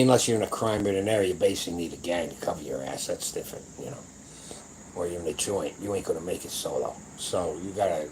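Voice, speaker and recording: A man's voice: deep voice, darkish tone, slight background noise, rough recording. A man in his seventies hosting his own powerlifting channel, talking in a blunt, rambling, profane and boastful way in a casual livestream chat. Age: 70s.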